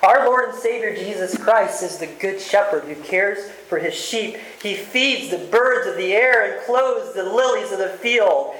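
A man's voice: high-pitched, measured pace, hardly any pauses, a bit bright. A man preaching a sermon as pastor, earnest and direct, calling his listeners loved ones and asking them rhetorical questions. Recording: roomy echo.

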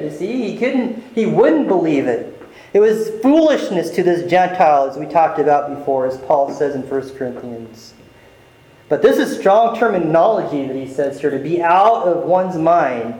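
A man with a somewhat high voice gives an emphatic sermon. He acts out quoted lines with extra force. The sound rings around a roomy church hall. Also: lively intonation, normal speed, warm tone. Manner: emphatic preaching, acting out quotes with a raised voice. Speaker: pastor.

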